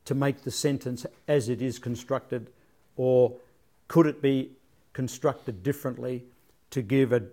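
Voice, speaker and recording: A man's voice: mid-range voice, creaky, warm tone. A man leading a casual Bible study, thinking aloud and often repeating words as he searches for his phrasing.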